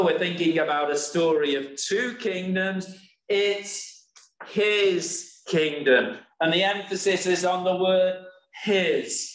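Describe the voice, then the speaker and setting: A man preaching a sermon in a church, slow and emphatic, often asking rhetorical questions. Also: a little high. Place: church hall. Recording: echoey church hall.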